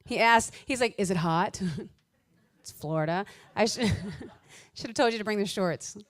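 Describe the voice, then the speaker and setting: A woman's voice: medium pitch, animated, a little slow, no echo. A woman hosting a casual radio interview in a studio, chatty and laughing easily. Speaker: radio host.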